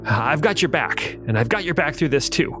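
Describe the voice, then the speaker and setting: A man's voice: a little high, animated, normal speed, music in the background, pitched above the performer's own voice, close to an everyday voice. A man voicing an anxious young man who stammers and repeats himself, a loyal brother in a fantasy game. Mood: earnest.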